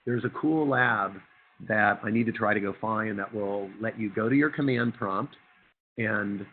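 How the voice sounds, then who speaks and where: A hoarse man lectures a university class with a husky, lowish voice, joking and questioning students as he goes. The sound is thin and tinny like a phone line, with a faint hiss underneath. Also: unhurried. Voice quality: husky radio voice. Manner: conversational, jokey, quizzes the class. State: hoarse from a chest cold.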